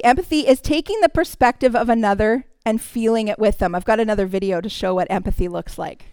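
A woman's voice: on the high side, clean tone, no echo. A woman giving a sermon in a conversational teaching manner, now and then acting out what people say. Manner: warm, conversational teaching with acted quotes. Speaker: speaker in a church service.

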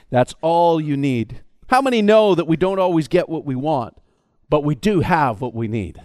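Male preacher, sermon, animated, stammering repeats, high voice for a man, smooth tone, dry sound. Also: moderate pace, dry recording.

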